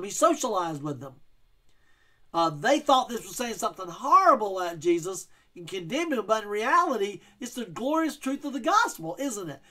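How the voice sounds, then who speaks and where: A man's voice: high-pitched, bright, forceful tone. A male pastor giving a verse-by-verse teaching sermon, explaining scripture and reading King James wording with emphasis.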